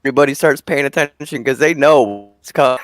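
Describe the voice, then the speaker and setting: A man's voice: medium pitch, a little fast. A man co-hosting a casual live-stream discussion, giving blunt opinions and laughing easily. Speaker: co-host.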